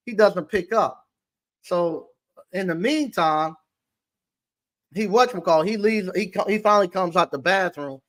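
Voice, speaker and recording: A high-voiced man who runs an appliance repair shop shares anecdotes in a relaxed interview. He speaks haltingly, wandering off track and restarting his sentences often.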